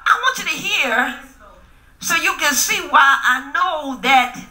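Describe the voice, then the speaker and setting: A middle-aged woman pastor preaching in a call-and-response style, often shouting to the congregation. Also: sits high, animated, takes it slowly. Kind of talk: sermon. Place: church hall. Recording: echoey room with music.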